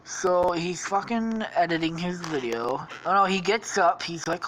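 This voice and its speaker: A woman's voice: lowish voice, measured pace, few pauses, slight background noise. A woman hosting a podcast, telling a rambling story in a casual, profane way with lots of swearing. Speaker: podcast host.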